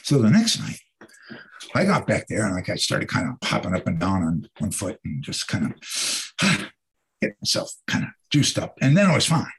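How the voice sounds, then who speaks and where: An older man, an actor, telling casual anecdotes about his stage career in an animated way. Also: fairly low pitch, moderate pace, gravelly. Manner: animated anecdotes, mimics the people he quotes. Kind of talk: casual conversational storytelling.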